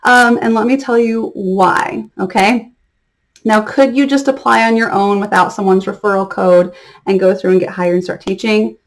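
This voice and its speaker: A woman with a mid-range voice talks straight to her viewers in a casual advice vlog. She is friendly and chatty and stresses key words. She keeps checking in with a quick "okay?". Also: medium pitch, fairly even intonation. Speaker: online ESL teacher and mentor.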